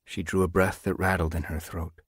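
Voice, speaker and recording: A man narrating an audiobook in a measured storytelling manner. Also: low voice, little pitch movement, slightly rough, dry recording. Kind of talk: scripted narration.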